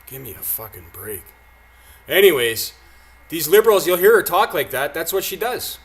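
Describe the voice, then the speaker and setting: A man's voice: fairly high pitch, sing-song, normal speed, a little hiss or hum. A man from Canada reacting to news clips with angry, profane, mocking commentary.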